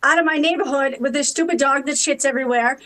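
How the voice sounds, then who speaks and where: A woman's voice: sits high, fast, background noise, close to an everyday voice. A woman playing an irritated caller fuming about her neighbor, cranky and swearing in an improv comedy scene. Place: video call from home.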